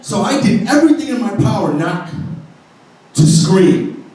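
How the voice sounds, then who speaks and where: A man doing stand-up, telling a long story in an animated way and swearing freely. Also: high-pitched, measured pace. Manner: animated, profane. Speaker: stand-up comedian. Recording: echoey room, distant mic.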